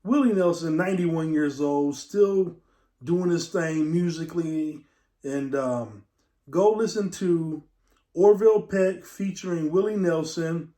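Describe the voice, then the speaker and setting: A man's voice: fairly high pitch, slow, mellow. Rambling man in a roomy echo. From West Texas. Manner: rambling, digressive, talks straight to viewers. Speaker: show host. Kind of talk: casual vlog chat. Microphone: camera mic.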